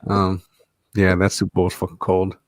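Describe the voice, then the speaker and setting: A man's voice: low voice, completely flat delivery, moderate pace, no echo. A man co-hosting a casual sports podcast, hesitant, often laughing and swearing freely. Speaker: podcast co-host.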